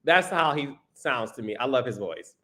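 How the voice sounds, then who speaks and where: A man's voice: medium pitch, animated, moderate pace, sharp tone. A man hosting a live stream, reading out viewer comments in a sassy, playful way and calling people honey and child. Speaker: podcast host.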